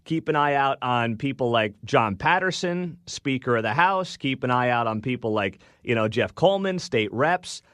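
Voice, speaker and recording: Brash, sarcastic talk radio host. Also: male voice, mid-range voice, expressive, moderate pace, hardly any pauses, a bit bright, clean tone, no echo, studio quality. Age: young adult. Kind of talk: morning talk radio commentary. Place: radio studio. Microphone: studio microphone.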